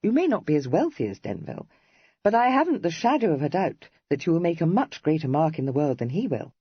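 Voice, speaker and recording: A woman's voice: sits low, sing-song, breathy edge, dry recording, highs cut off, exaggerated voice. A narrator voicing Cressy, a witty, playful young woman of the Regency era, read in an audiobook. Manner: playful, teasing, quick-witted. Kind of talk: audiobook character reading.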